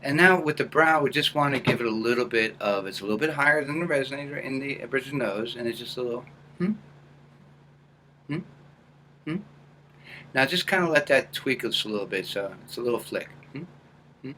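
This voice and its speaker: Calm man coaching with hummed sounds. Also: medium pitch, fast talker, hardly any pauses, slight background noise. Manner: demonstrates hums and small vocal sounds between calm guidance. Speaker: acting coach. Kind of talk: instructional tutorial.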